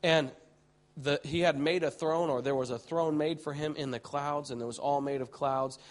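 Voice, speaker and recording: A male preacher telling a vivid vision story in a sermon, excitable and full of restarts, swinging from hushed tones to shouts. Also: a little high, normal speed.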